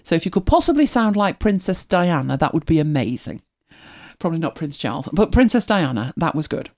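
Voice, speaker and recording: A woman's voice: deep voice, very animated, fairly quick, a little mellow. A middle-aged woman from Manchester with a mild Manchester accent, chatting casually as a host, rambling and laughing often. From England, Manchester. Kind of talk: casual chat, reading listener comments.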